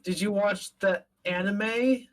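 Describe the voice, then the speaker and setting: A woman's voice: medium pitch, takes it slowly. A woman chatting casually on a recording stream, hesitant with many fillers.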